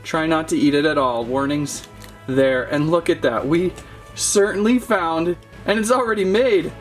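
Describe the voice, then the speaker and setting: A man's voice: on the high side, a little slow, soft background music. A man hosting a casual toy unboxing, talking in a playful, jokey, mock-serious way. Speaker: toy channel host.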